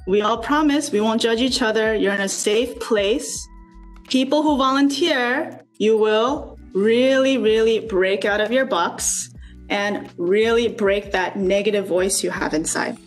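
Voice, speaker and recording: Slow, coaxing high-voiced woman. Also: soft background music. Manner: slow, coaxing, asks many questions. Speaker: speaker leading a student workshop. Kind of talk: encouraging group facilitation over video call. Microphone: video call.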